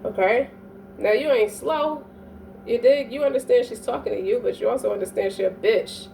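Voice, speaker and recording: A woman's voice: on the high side, normal speed, vocal fry, dark tone. Brief: woman reader, blunt and profane, talks from a distance from the mic over light room noise. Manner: profane, emphatic, keeps asking "you dig?". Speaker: astrology reader. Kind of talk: casual monologue reading.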